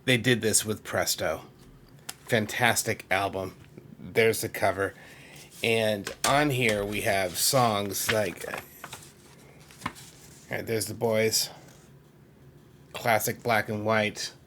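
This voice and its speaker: A man's voice: fairly low pitch, fairly even intonation, takes it slowly, pauses often, fairly bright tone, slight background noise. A middle-aged man from Massachusetts chatting to camera about his music collection, enthusiastic and rambling, with frequent asides to viewers. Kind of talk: casual chat to camera.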